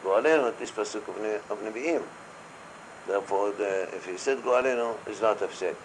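Halting older-sounding rabbi, low voice. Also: male voice, slight background noise, rough recording. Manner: halting, many fillers, quotes blessings aloud. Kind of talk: casual halachic discussion.

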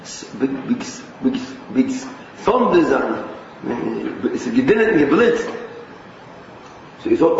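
A man with a Yiddish-inflected English accent giving an animated sermon, mixing in Hebrew and Yiddish terms and often restarting his phrases. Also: medium pitch, takes it slowly, creaky, pauses often, a little hiss or hum. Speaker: rabbi giving a Torah talk. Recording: distant echoey hall, muffled.

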